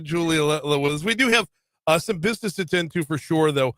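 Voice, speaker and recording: Man, radio talk host, fairly high voice, dry close studio sound. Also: fairly quick, no room sound. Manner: energetic, chatty, repeats words at the start of sentences. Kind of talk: radio interview.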